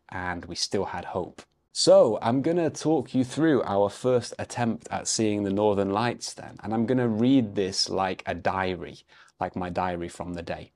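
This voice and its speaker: A man's voice: fairly low pitch, a little slow, darkish tone. A man teaching English by telling a travel story in a conversational way, read like a diary.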